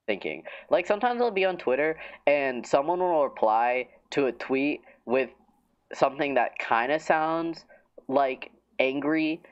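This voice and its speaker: A man's voice: on the low side, highs cut off. A young man streaming, chatting casually and rambling with lots of fillers and restarts. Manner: rambling, many fillers and restarts, chuckles at himself. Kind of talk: casual livestream chat.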